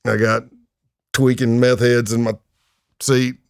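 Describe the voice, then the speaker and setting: Man in his 50s, gravelly and low, dry close sound; relaxed, wry podcast storyteller. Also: slow, no room sound. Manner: laid-back, wry, laughs while telling stories. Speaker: guest, retired undercover agent. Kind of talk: anecdotal storytelling in a podcast interview.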